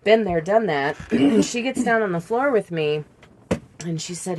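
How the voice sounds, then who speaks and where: A woman in her forties with a low voice speaks as a podcast guest, recounting her own past in conversation. She is candid and sometimes halting, and she imitates sounds as she remembers them. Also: a little mellow, slight background noise. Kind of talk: personal storytelling in conversation.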